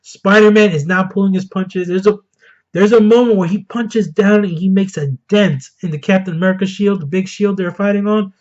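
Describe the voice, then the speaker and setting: A man giving a casual, excited film review, gushing and bursting into loud enthusiasm now and then. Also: sits high, dull audio. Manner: excited, gushing, quick swings into loud outbursts. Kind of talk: casual spoiler review monologue.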